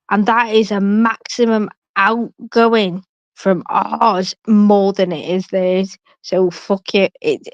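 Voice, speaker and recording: A woman's voice: mid-range voice, no echo. A woman calling into a live stream in a heated debate, swearing freely and talking over the host, heard over a call line. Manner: fiery, swearing, talks over others. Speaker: caller. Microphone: remote call. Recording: dull lo-fi call audio.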